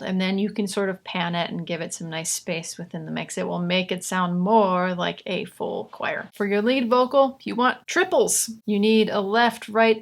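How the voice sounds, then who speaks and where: Young woman chatting thru her vocal mixing process, relaxed, lots of um and like. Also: medium pitch. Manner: chatty, relaxed, with fillers and asides. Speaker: vocal producer teaching. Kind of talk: casual tutorial explanation.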